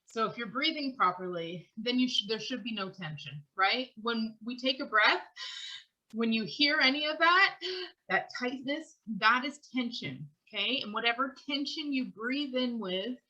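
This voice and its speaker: A woman's voice: mid-range voice, sharp tone, lo-fi sound. A woman teaching a vocal class, talking in long run-on phrases and laughing between thoughts. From Canada. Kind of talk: online class lecture.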